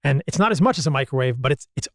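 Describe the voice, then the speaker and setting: A man's voice: medium pitch, expressive, rapid-fire, no echo, clean studio sound. Man explaining as podcast guest. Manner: explanatory, slight restarts. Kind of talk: explanatory conversation.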